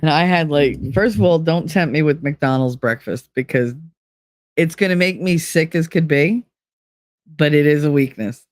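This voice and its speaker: A woman's voice: sits low, normal speed, darkish tone, no room sound, clean studio sound. A woman casually telling a candid, profane personal story, acting out both sides of the conversation. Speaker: stream host.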